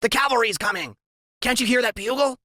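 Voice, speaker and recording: A man voicing a small, clever, bossy boy who barks out urgent orders in quick bursts. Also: extremely high pitch, pushed and bright, no echo, clean studio sound, voice pushed up. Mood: excited.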